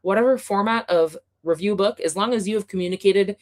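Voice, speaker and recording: A woman's voice: mid-range voice, a little fast, a little mellow. A woman hosting a casual livestream, chatting in an upbeat way and reading viewer comments aloud, with plenty of fillers and light laughs. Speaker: livestream host reading chat.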